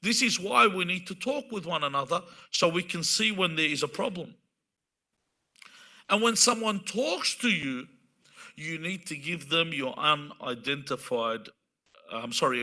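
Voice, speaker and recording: A man's voice: on the high side, animated, moderate pace, pushed and bright. A man giving a conversational sermon, acting out small everyday exchanges between husbands and wives. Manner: conversational, acts out everyday dialogues. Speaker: speaker at an Islamic centre. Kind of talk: sermon-style talk.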